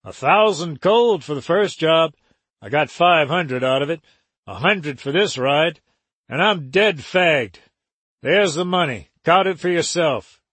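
A man's voice: on the high side, animated, a little slow, fairly bright tone, husky, no echo, full character voice. Storybook: male narrator plays worn-out hired gunman, blunt and tired, close dry mic. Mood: weary. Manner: weary, blunt.

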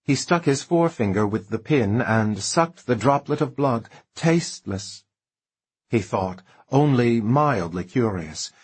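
A man reading an audiobook narration, expressive and lingering over lush description, in a husky voice. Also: medium pitch, unhurried.

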